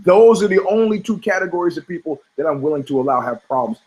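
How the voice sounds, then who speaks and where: A man's voice: sits high, animated, quick pace, darkish tone, poor audio. A middle-aged man hosting a podcast, telling rambling, profane stories in a sardonic, comedic monologue. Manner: profane, sardonic, storytelling with quoted voices. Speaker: podcast host.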